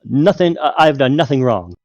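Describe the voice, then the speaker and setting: A man's voice: medium pitch, expressive, moderate pace, darkish tone, dry recording, close to an everyday voice. A man voicing a shifty little male gnome thief who protests his innocence indignantly. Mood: defensive.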